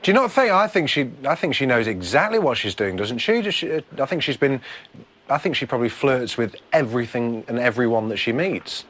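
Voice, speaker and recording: A man hosting a phone-in show, cheeky and camp, with quick comic asides. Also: medium pitch, animated, fairly bright tone.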